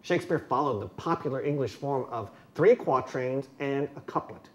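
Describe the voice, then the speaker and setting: A man's voice: medium pitch, expressive, moderate pace. A man presenting a scripted educational explanation, with a dry, tongue-in-cheek delivery. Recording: roomy echo with faint background noise.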